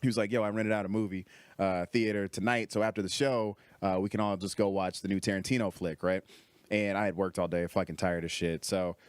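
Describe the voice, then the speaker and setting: A young man, a comedian guest, telling a story in casual, animated chat, swearing freely and jumping up in pitch when he quotes people. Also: a little fast, clear, resonant tone, no room sound.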